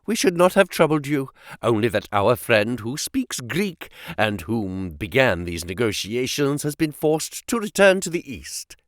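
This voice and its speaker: A man voicing a cruel, older captor who giggles nervously and speaks with quiet menace. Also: mid-range voice, sing-song, measured pace, hardly any pauses, no echo, clean studio sound. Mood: menacing.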